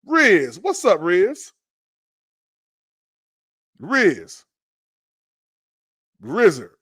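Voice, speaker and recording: Fired-up podcast host, man, a bit high-voiced, dry close recording. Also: extremely slow, husky, dry recording. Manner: exasperated, animated, talks back to chat. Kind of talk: casual livestream sports chat.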